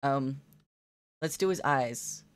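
Drawing live for an audience, a young woman chats casually and playfully with her viewers, giggling often. Her voice is a slow, rumbling low.

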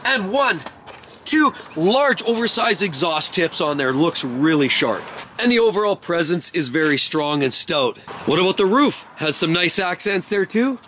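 A man's voice: sits high, very animated, measured pace, pushed and bright, slight background noise. A man doing an enthusiastic walkaround of cars, praising each detail. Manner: effusive, praising every detail. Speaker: car reviewer. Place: outdoors beside parked cars.

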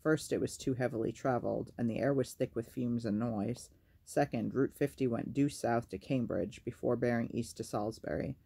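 A man reads a novel aloud as a storyteller, keeping a measured and even pace. His voice is dark and mellow, with a gravelly, low-register texture.

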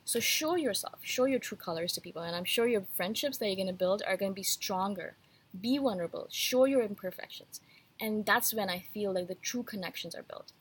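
A slightly feverish woman YouTube host speaks fairly quickly in a mid-range, slightly rough voice. Talking straight to her viewers, she delivers a frank, rambling, emphatic casual rant.

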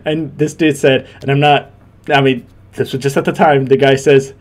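A man's voice: medium pitch, fairly even intonation, moderate pace. A young man and former Marine giving casual reaction commentary, laughing often and rambling with many restarts.

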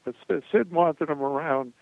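A man's voice: fairly high pitch, normal speed, creaky, no room sound. An older man, a guest in an interview, rambling through anecdotes with many fillers and restarts. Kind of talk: interview storytelling. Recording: tinny phone line, dry.

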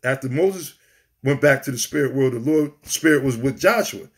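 A man's voice: medium pitch, animated, moderate pace. A man preaching a street sermon, blunt and profane, defiant as he quotes scripture.

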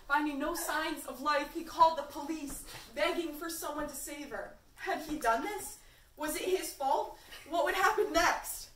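A woman's voice: high voice, background noise. A woman reading fan fiction aloud in a casual, amateur way, sometimes stumbling over words. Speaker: fanfiction reader. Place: room at a party. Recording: echoey room, mic far off, faint background sounds.

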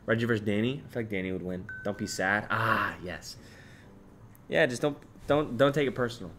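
A young streamer in his twenties talks fairly quickly in a voice on the low side, with a little hiss or hum in the recording. He reads his chat out casually and animatedly, swearing at times and shouting out names and places.

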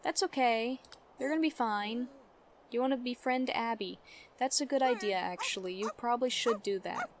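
A woman's voice: fairly high pitch, normal speed, noisy background. A young woman giving casual gameplay commentary, chatting to her game characters and laughing often. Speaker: let's play gamer.

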